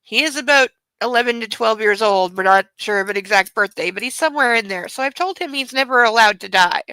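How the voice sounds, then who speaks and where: A bright, fairly high-voiced young woman hosting a book club, talking casually with sarcastic asides and lots of fillers. Her voice is close and dry. She reads passages aloud and then mocks them. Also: expressive, quick pace, clear, resonant tone, no room sound, rough recording. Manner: chatty, mocking asides, many fillers. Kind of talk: sarcastic reading commentary.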